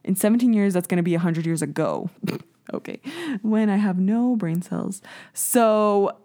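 A woman's voice: medium pitch, normal speed, mellow. A woman in her twenties hosting a casual solo podcast, talking candidly with lots of "like" fillers, some swearing, and jokes at her own expense. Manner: self-mocking, laughs at herself. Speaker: podcast host.

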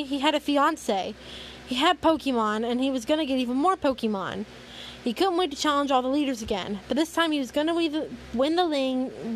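Young woman, high voice, reads fan fiction aloud with stumbles and sarcastic asides. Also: a little hiss or hum, rough recording. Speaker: host reading fan fiction.

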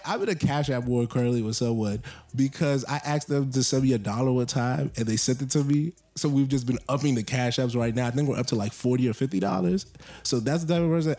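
A man's voice: medium pitch, a little mellow. A young man chatting casually on his podcast, joking and going off on rambling rants about his pet peeves. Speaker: podcast co-host. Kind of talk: casual chat.

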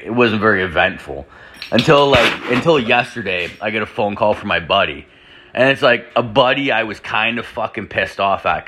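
At home with the door left open, a young podcast host drinks whiskey and rambles through an off-color story peppered with swearing and "like." His lowish voice sounds pushed and bright.

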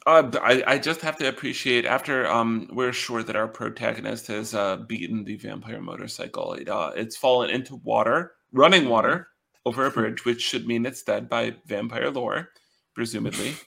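A man co-hosting a podcast, talking casually and haltingly with many ums. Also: mid-range voice, vocal fry, pushed and bright. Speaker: podcast co-host. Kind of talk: casual chat.

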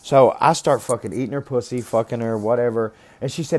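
A man's voice: medium pitch, lively intonation, normal speed, hardly any pauses, darkish tone. A man casually telling a personal story in a blunt, rambling way, swearing constantly. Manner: talks about being raised rough.

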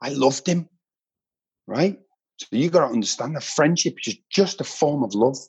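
A man's voice: medium pitch, expressive, moderate pace, darkish tone, slightly rough. A man telling heartfelt personal stories in an earnest, emotional way. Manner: earnest, heartfelt, says "mate" often. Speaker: podcast guest. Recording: dull lo-fi sound.

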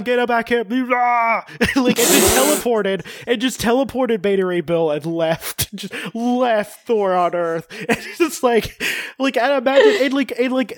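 A man's voice: sits high, dry recording. Rambling casual man, dry close sound. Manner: rambling, many fillers and restarts, jokey. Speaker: podcast co-host. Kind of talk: casual chat.

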